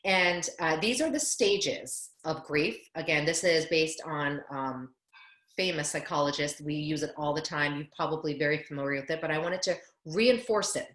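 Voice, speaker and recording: A woman's voice: low voice, normal speed, fairly bright tone, reverberant. Earnest woman giving a webinar talk. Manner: earnest, explanatory, with restarts and rhetorical questions. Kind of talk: webinar presentation on coping. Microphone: video call.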